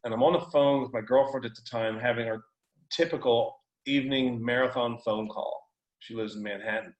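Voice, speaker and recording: An American man tells a story as a guest, speaking with loose, animated energy. His slangy delivery has the odd curse in it. The voice sits in the middle of the range and rings in a roomy echo. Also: mid-range voice, a little fast. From United States. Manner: animated, informal, profane. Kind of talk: casual storytelling.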